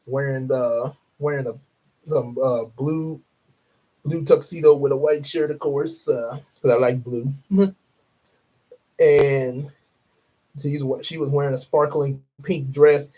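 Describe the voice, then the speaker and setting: A man's voice: mid-range voice, steady tone, slow pace, pauses often, warm tone. A young man, hosting a casual livestream, rambling with frequent chuckles and fillers. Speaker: livestream host. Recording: dull lo-fi stream audio.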